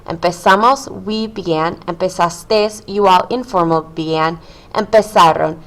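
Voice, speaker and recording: A woman's voice: fairly low pitch, fairly bright tone, rough recording. A woman teacher in a video lesson, patiently drilling verb forms and translations one by one. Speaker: Spanish teacher.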